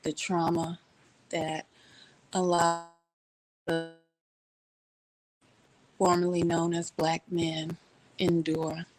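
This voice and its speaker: Woman chatting from her couch, storytime vlog, laughy and animated, plays with her voice. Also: on the low side, extremely slow, pauses often, poor audio. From Texas. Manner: animated, laughing, playful voice shifts. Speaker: vlogger telling a story. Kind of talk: casual storytime chat. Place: home, lying on a couch.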